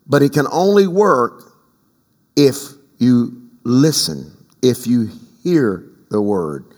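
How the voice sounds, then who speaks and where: A man's voice: mid-range voice, sing-song, slow pace, darkish tone. An older man preaching a sermon as pastor, emphatic, leading the congregation in call-and-response. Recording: long hall reverb.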